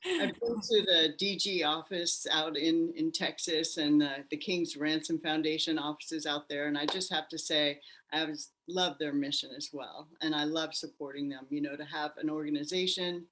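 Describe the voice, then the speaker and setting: Telling her personal story as an interview guest, a woman speaks animatedly at normal speed in a low voice, acting out the voices of the people involved.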